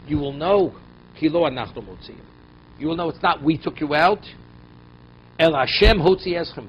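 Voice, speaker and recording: A male rabbi teaching a class, reading verses aloud and then unpacking them with pointed questions. His voice sits somewhat high and keeps jumping up and dropping low for emphasis. The recording is dull and lo-fi, with faint noise underneath. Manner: reads Hebrew verses, then explains in English with rhetorical questions; voice rises and drops sharply for emphasis. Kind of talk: Torah class, translating and explaining verses.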